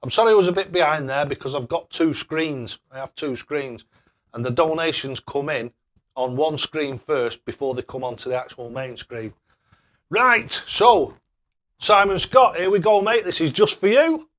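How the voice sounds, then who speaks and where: A man's voice: on the high side, expressive, normal speed, fairly bright tone. Chatty man hosting a live stream. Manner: chatty, greets and thanks viewers by name; matey banter, calls people mate. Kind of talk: casual live stream chat.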